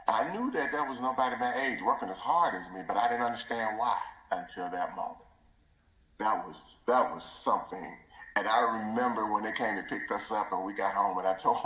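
A man's voice: fairly low pitch, pushed and bright. Man's tribute, voice dropping to near whisper. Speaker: son giving a funeral tribute. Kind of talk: emotional funeral tribute. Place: church. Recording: echoey church room.

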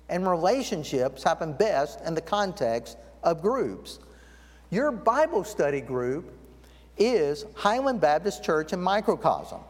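Brief: male preacher, high voice, storytelling sermon, recorded in a church with a long reverb tail. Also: darkish tone. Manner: storytelling, slows down to stress key words. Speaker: guest preacher. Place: church sanctuary.

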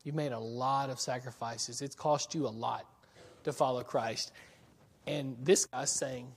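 A man preaching a sermon in an earnest way, pausing often and repeating words as he builds a point. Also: medium pitch, fairly even intonation, gravelly, husky, big-room sound.

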